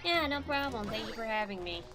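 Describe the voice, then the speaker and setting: A woman's voice: a little high, expressive, brisk, music in the background. A tired woman chatting on a call with a game streamer, laid-back and giggly. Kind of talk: casual call chat.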